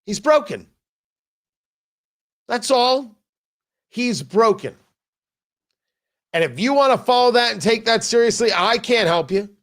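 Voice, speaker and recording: Male commentary host with a high-pitched voice, sarcastic and exasperated, halting restarts. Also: fairly bright tone. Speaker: talk show host. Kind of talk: political commentary show.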